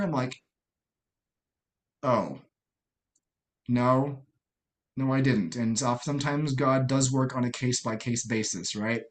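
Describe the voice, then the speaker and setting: A middle-aged man from the United States, a podcast guest telling a personal story in an earnest, halting way with many restarts. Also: medium pitch.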